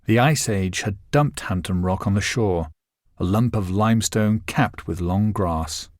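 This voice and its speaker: A man reading a novel aloud as its narrator in a measured, expressive storytelling manner. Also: fairly low pitch, no room sound, studio quality. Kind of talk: scripted narration.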